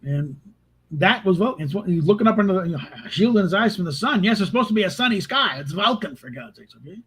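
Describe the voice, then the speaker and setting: A man's voice: high-pitched, lively intonation, fast talker, a bit bright, breathy edge, poor audio. A man giving casual, rambling spoken commentary on a film, with frequent restarts and exasperated asides. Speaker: video host reviewing a film.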